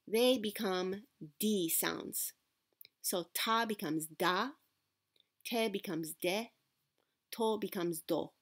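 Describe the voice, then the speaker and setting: Slow, patient woman teaching pronunciation. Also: mid-range voice, fairly bright tone. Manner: patient, slow and deliberate, demonstrating sounds. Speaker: Japanese language teacher. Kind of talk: classroom-style lesson.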